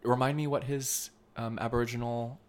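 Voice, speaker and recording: A man's voice: mid-range voice, flat delivery, moderate pace, darkish tone. A man from Vermont, hosting a podcast in a loose, playful way with frequent ums and casual swearing. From Vermont, United States. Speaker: podcast host. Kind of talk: casual chat.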